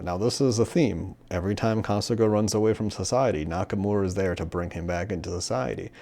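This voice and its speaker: A young man with a deep, low-pitched voice talks casually about a manga he has read. He rambles and fills his sentences with "like" and "um", and now and then slips into the characters' lines. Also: a little mellow. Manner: rambling, many fillers, acts out character lines. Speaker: manga reviewer. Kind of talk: casual solo discussion.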